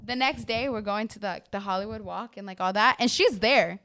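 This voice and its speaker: A young woman from Florida, co-hosting a podcast and telling stories in a lively, casual way, acting out the people she quotes. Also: mid-range voice, brisk. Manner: animated, acts out quoted people. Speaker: podcast co-host. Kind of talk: casual storytelling chat.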